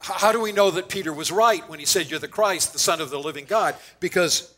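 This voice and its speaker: A man's voice: high voice, brisk, a bit bright, low-quality recording. A man preaching a sermon in an earnest teaching manner, quoting scripture with occasional stammered restarts.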